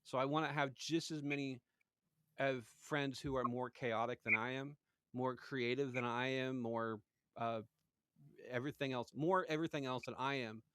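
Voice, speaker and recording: A man's voice: medium pitch, fairly even intonation, normal speed, fairly bright tone, smooth, no room sound. A middle-aged man hosting a podcast, talking casually with many restarts and repeats. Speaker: podcast host. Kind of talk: casual chat.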